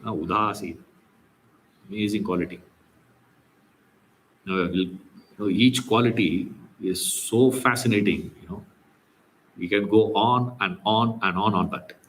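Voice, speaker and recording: A man's voice: lowish voice, a little slow, pauses often, a bit bright, a little hiss or hum, poor audio. A man teaching a scripture class, telling stories in a conversational way with many rhetorical questions. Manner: conversational storytelling with frequent "you know" and rhetorical questions. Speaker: Vedanta teacher.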